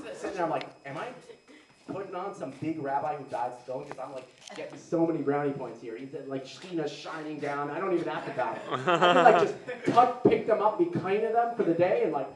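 A young adult man doing a rambling, self-deprecating stand-up comedy set, slipping into quick put-on voices of the people he mocks. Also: fairly high pitch, noisy background. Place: live comedy venue with audience. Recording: roomy live venue, mic picked up from a distance.

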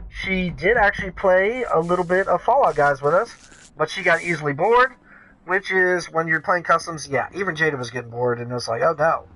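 A man's voice: a little high, a little fast, sharp tone, rough recording. A man streaming a game live, chatting casually, greeting viewers by name and reading their messages aloud.

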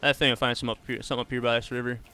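A man's voice: mid-range voice, little pitch movement, racing, pushed and bright, clear, resonant tone. A man doing casual live gaming commentary, chatting easily with viewers and tossing in "man" and "bro" all the time. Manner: laid-back, drawls "man" and "bro" often. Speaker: streamer.

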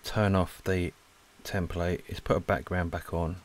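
A man rambling casually to viewers as he draws, relaxed and a little breathless. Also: low-pitched, a little slow. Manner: relaxed, rambling, talks to viewers while drawing. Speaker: art channel host. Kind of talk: casual chat while drawing. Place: lives in Spain.

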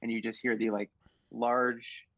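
A man in a tabletop game rambles and hedges, with a mid-pitched voice. The sound is dull and lo-fi, very dry. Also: level tone, a little slow, a bit bright, no echo. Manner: rambling, hedging, with many fillers. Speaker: player. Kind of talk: casual tabletop game play.

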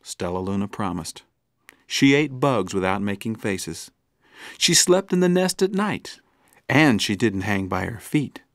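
A man narrating a children's storybook in an expressive, gently dramatic way. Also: fairly low pitch, a little slow, dry recording, studio quality. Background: background music.

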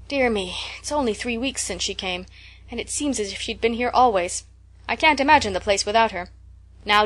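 Woman narrator playing a strict, practical older spinster; brisk, dry scolding, audiobook. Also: mid-range voice, fairly bright tone, close to an everyday voice.

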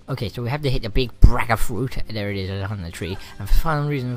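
A young man with a fairly low voice talks over his own gameplay in a loose, rambling way. He swears often and gets riled quickly. Soft game music plays underneath. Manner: profane, rambling and easily riled. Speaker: let's play gamer. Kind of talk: casual gameplay commentary.

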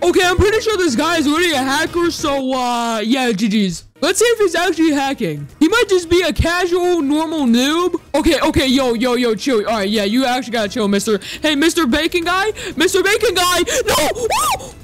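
A man's voice: very high voice, sing-song, fairly quick, few pauses, fairly bright tone. A man giving hyped gameplay commentary as a gaming YouTuber, teasing and trash-talking the players he faces.

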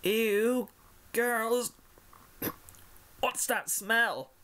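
Squeaky young unicorn filly, prim, whiny. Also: male voice, drawn-out words, pushed and bright, heavily acted. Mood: grossed out. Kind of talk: fanfiction reading.

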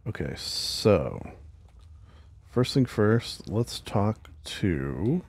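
Man, gaming commentary, gravelly, husky, rambling, jokey. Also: lowish voice, big pitch swings, extremely slow, darkish tone, no room sound. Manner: rambling, jokey, talks to himself. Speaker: gaming channel host. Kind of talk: casual role-play game commentary.

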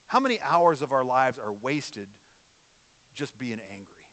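A man with a voice on the high side preaches a sermon as pastor in a church sanctuary, speaking at normal speed with a big-room sound. His delivery is conversational, and he often puts questions to the congregation.

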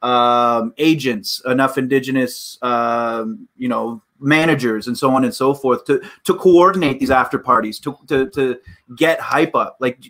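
A man co-hosting a casual chat, asking halting questions full of fillers. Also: mid-range voice, a bit bright. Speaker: co-host.

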